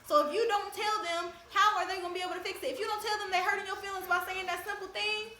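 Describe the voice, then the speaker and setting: A woman's voice: very high-pitched, fairly even intonation, fast talker, sharp tone, slight background noise. A woman hosting a casual discussion, talking emphatically in a lecturing way and laughing often. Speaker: host. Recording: echoey room.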